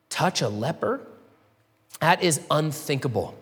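A man preaching a sermon to a congregation, animated, swinging from loud declarations to hushed lines. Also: fairly high pitch, a little slow. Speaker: pastor. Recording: long hall reverb.

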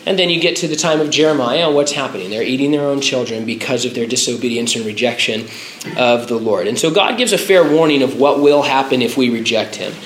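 A man's voice: medium pitch, fast talker, fairly bright tone, echoey room, a little hiss or hum, rough recording. A pastor preaching a conversational sermon, stopping to restart his phrases and using filler words.

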